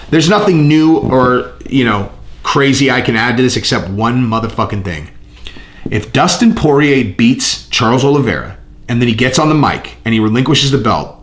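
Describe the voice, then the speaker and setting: A man hosting his own channel, riffing casually and profanely on fight news in a rambling, excitable way. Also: medium pitch, reverberant. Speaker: channel host. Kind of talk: casual fight commentary vlog.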